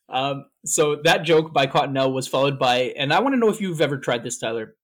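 A man co-hosting a casual podcast, retelling old pranks with easy laughs and the odd swear. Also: on the high side. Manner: laughing, relaxed storytelling with swearing. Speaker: podcast co-host. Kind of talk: casual chat.

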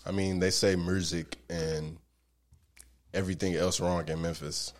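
A man's voice: level tone, measured pace. A man from Nashville with a Southern accent, chatting casually and joking, often breaking into laughter. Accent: Southern US, Nashville area. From Nashville, Tennessee. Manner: joking, laughs often, swings his pitch widely. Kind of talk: casual chat.

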